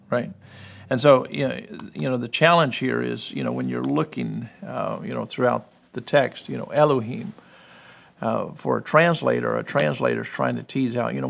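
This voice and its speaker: Gravelly man explaining ancient languages. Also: medium pitch. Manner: peppers speech with "you know", checks understanding with "correct?". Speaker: guest explaining biblical languages. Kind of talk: teaching explanation in a discussion.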